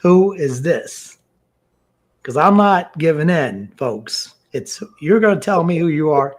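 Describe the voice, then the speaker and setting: A man's voice: fairly high pitch, animated, measured pace. A man on a video call telling a comic story, playing both sides of a phone call in an exasperated way. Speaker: comedian contestant. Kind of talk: stand-up storytelling. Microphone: video call mic.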